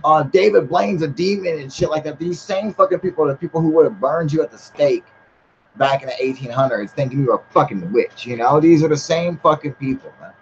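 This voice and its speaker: A man hosting a casual livestream, a little high and drunk, swearing constantly and reading the chat aloud. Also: a little fast, muffled recording, a little hiss or hum. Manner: heavy swearing, laid-back, reads chat aloud. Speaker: livestream host.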